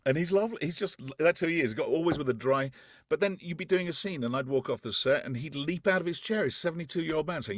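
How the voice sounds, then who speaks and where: A man from France, a guest actor, telling animated stories in an interview, acting out quotes with restarts along the way. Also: medium pitch, quick pace, dry recording, clean studio sound. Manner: animated anecdotes, acts out quotes, frequent restarts. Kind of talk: casual interview storytelling.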